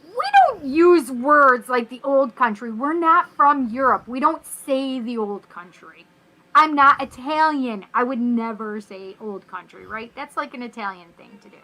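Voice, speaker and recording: A woman from North America, a guest telling a personal story in casual, animated talk, acting out the voices in her quotes. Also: sits high, unhurried, poor audio.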